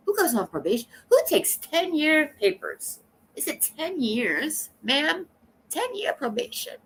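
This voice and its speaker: A woman hosting a casual livestream, chatting in a rambling, blunt and animated way and greeting viewers by name. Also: a little high, a little hiss or hum. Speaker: livestream host.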